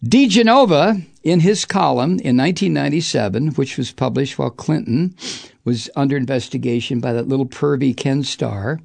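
A man's voice: mid-range voice, normal speed, gravelly, a little mellow, no echo. A man hosting a profane political monologue, reading news aloud and mocking it sarcastically with sudden jeering outbursts. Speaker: political commentary host.

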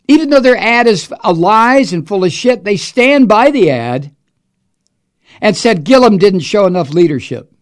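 A man's voice: high voice, expressive, moderate pace. A man delivering an angry, profane and sarcastic political monologue. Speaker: political commentator.

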